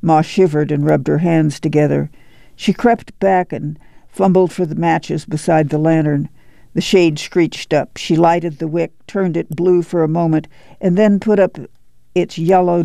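Gravelly, dark-toned male narrator. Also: a little high, steady tone, measured pace, dry recording. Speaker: audiobook narrator. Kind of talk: scripted narration.

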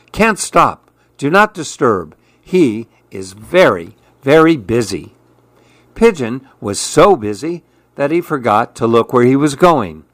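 Slow, measured male storyteller. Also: medium pitch, no room sound. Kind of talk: read-aloud children's story.

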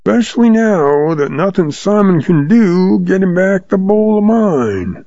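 A man voicing a calm, sly old western outlaw who talks in a patient folksy drawl, in a storybook reading. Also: high-pitched, measured pace, dry recording, pitched above the performer's own voice, exaggerated voice. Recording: dull lo-fi sound.

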